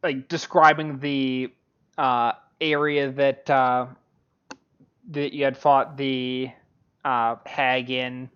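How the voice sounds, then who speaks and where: A man narrating as game master of a tabletop game, halting and full of fillers. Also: mid-range voice, level tone, fairly bright tone, clean tone. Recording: dull lo-fi audio.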